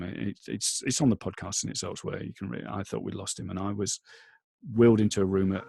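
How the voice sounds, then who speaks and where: A man's voice: lowish voice, a little mellow, dry recording, studio quality. A man, a father, talking as a podcast guest, earnest and rambling with lots of restarts, emotional at times. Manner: emotional, choking up. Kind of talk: casual interview chat.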